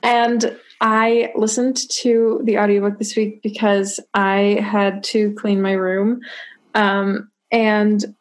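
A woman's voice: medium pitch, flat delivery, slow. A young woman co-hosting a casual book-club podcast, giggly and rambling, full of "like" fillers. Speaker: podcast co-host.

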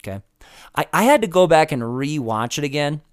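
A man's voice: a little high, lively intonation, fairly quick, smooth, no room sound, studio quality. A man hosting a podcast, talking through his opinions in a rambling, casual way with restarts and wry laughing asides. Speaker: podcast host. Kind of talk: casual solo commentary.

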